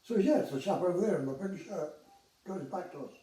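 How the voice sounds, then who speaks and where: This retired air traffic controller, an older man, shares career stories in a casual, chatty way, with hesitations and voiced-out dialogue. He sounds high-pitched, expressive, brisk and mellow, though the audio is poor, roomy and far from the mic.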